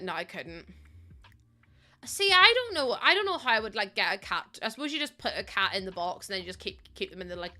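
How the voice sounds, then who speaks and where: A woman's voice: mid-range voice, sharp tone. A woman chatting casually on a stream, laughing often and answering her chat.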